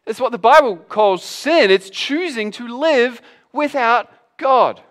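A man preaching a sermon, animated and conversational, acting out both sides of a Bible passage in quick voices. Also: very high voice. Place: church hall with an audience.

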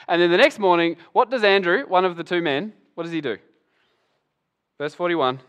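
Male pastor, fairly high, resonant voice, animated storytelling sermon. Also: normal speed, clear, resonant tone, lo-fi sound. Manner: animated storyteller, acts out the voices of Bible figures.

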